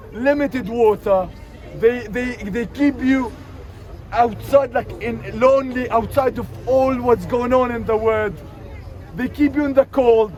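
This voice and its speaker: A man giving an emotional protest speech outdoors in a city street, his voice rising to shouts. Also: very high-pitched, low-quality recording. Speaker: protest speaker. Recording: outdoor crowd noise. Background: crowd of protesters.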